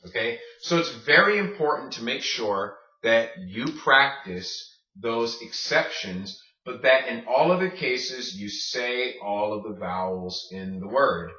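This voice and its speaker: A man giving a Spanish pronunciation lesson, drilling words slowly and checking in with "okay?" as he teaches. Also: mid-range voice, expressive, pushed and bright. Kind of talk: video lesson. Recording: distant, dull, echoey room mic.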